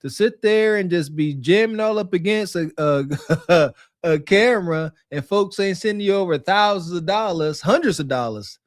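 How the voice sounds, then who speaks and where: Animated high-voiced man, mocking commentary. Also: normal speed, no room sound, clean studio sound. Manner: animated, acts out mocking quotes in character. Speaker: podcast co-host.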